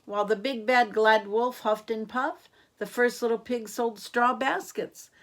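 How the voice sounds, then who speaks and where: Slow, gentle woman reading a storybook. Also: fairly high pitch. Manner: gentle, asks the listener questions. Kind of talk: read-aloud storytelling.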